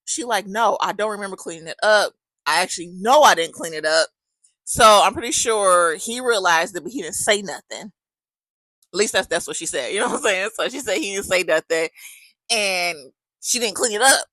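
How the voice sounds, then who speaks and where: A woman's voice: mid-range voice, normal speed, a bit bright, no room sound, rough recording. A woman podcast host, telling a friend's story in casual chat and acting out both sides of the conversation.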